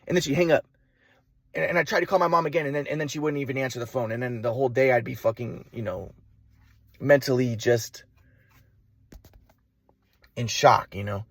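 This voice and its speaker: A man's voice: on the high side, fast talker, breathy edge, dry recording. A young man telling his own story in a rambling, profane monologue, full of restarts and repeated words. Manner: profane, restless, many restarts. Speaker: vlogger.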